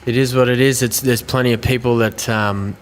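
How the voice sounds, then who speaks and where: A man's voice: medium pitch, fairly even intonation, fairly quick. A man co-hosting a podcast, adding background details and prompting the guest. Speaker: podcast co-host. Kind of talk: casual chat. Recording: roomy reverb, faint background noise.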